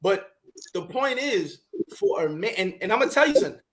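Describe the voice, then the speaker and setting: A man hosting a casual talk show, telling a personal story in an animated way, repeating words and acting out his own shouting. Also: high-pitched, fairly quick, low-quality recording. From New York. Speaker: podcast host.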